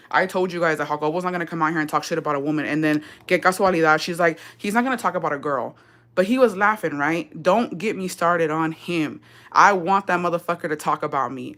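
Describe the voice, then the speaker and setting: A woman's voice: lowish voice, a bit bright. Profane ranting woman. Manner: profane, sarcastic, switching between English and Spanish. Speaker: live-stream vlogger. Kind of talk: heated rant on a livestream.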